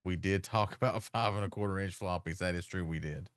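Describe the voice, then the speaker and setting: A man's voice: fairly quick, no echo. Dry-voiced joking man co-host. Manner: joking, teasing, laughs often, voice jumps high when amused. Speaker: podcast co-host. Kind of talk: casual comedic chat.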